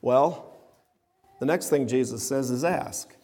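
A man's voice: medium pitch, slow, warm tone, slight background noise. A man preaching a sermon with emphatic, rising and falling delivery. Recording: long reverb of a hall.

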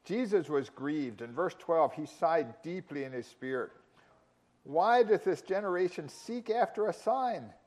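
A man preaching a sermon, emphatic, with dramatic pauses and rising intensity in quoted lines. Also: fairly high pitch, animated, a little mellow. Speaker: pastor.

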